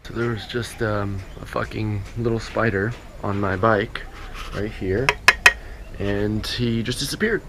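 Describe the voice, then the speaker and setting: A young man in a casual travel vlog, talking to a handheld camera as he goes, swearing often and ranting in a rambling, excitable way. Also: fairly low pitch, a little slow. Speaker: travel vlogger. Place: outdoors and in cafes while traveling. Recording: noisy outdoor camera audio.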